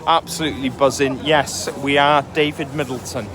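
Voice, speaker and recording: A man co-hosting a podcast chats casually about football, hesitant and full of ums, recording outdoors on the move. His mid-range voice has fairly even intonation at normal speed, against a noisy background.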